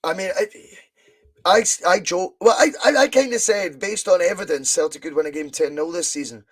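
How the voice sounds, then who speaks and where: A Scottish man hosting a live football watch-along from home, chatting with viewers and breaking into excited commentary. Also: high voice, moderate pace, breathy edge. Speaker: podcast host doing live fan commentary.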